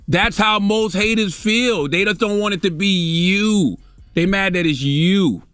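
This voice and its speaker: A man's voice: high-pitched, measured pace, fairly bright tone, clean tone, dry recording, faint music behind. A man co-hosting a morning radio show, joking and bantering with callers in the studio. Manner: joking, bantering, self-deprecating. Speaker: radio co-host. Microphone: studio microphone.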